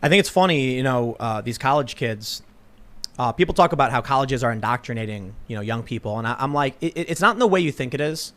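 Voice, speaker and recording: A man hosting a casual panel discussion, telling stories in an animated way and often restarting his sentences. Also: mid-range voice, quick pace. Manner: animated storytelling with repeated restarts. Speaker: host.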